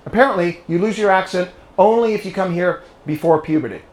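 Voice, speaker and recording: A man's voice: high voice, a little fast, slight background noise. An English-born man with a British accent giving a political speech to a club audience, telling stories and quizzing the crowd. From England. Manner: storytelling, rallying, quizzes the audience. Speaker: guest speaker. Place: private home, live audience. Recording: echoey room.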